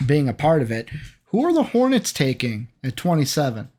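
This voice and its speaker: A man's voice: on the high side, huge pitch swings, moderate pace, darkish tone. A man hosting a casual sports talk show, upbeat and jokey as he moderates. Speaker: host.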